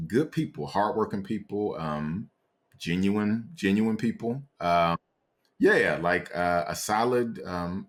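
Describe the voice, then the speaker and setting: A man with a very low voice, speaking as a podcast guest. He is reflective and halting, often restarting sentences as he searches for the right words. He grew up in Columbus, Ohio. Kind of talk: casual interview conversation.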